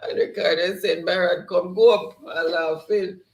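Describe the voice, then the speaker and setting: A man's voice: high-pitched, fairly even intonation, normal speed, reverberant. A man hosting a quiz game on a live stream, reading out the players' chat answers and laughing often. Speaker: game show host.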